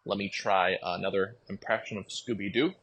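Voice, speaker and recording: A man's voice: low voice, fairly even intonation, brisk, fairly bright tone, breathy edge. A man from Hawaii leaving a casual, enthusiastic voice message through an earbud mic, laughing and rambling. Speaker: listener sending a voice message.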